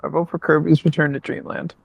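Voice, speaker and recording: A man's voice: on the high side, flat delivery, quick pace, creaky. A man on a casual group podcast, cracking puns and jokes as he votes. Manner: jokey, punning. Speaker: podcast panelist.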